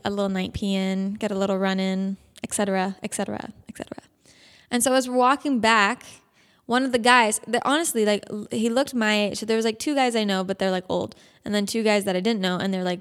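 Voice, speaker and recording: A young woman from Canada casually telling stories on her vlog, blunt and fast-talking, swearing and laughing often. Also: medium pitch, long reverb tail. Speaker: vlogger. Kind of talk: casual storytelling.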